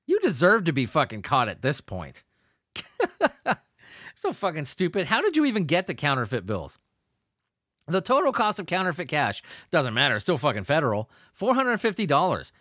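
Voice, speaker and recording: Crude ranting man with lively pitch. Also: no echo, studio quality. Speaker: podcast host. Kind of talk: profane comedic news commentary.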